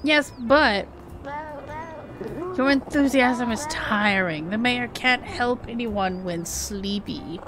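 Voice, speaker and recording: A woman's voice: a little high, takes it slowly, music in the background, pitched below the performer's own voice. A woman doing a drowsy, pompous cat mayor. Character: lazy pompous male cat mayor, drowsy, self-important.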